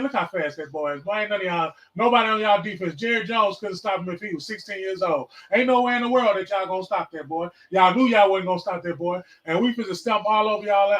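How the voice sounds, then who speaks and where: A man in his forties hosting a podcast, talking to listeners in a casual, preachy monologue that breaks into loud, excited bursts. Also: sits high, low-quality recording. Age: 40s. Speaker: podcast host.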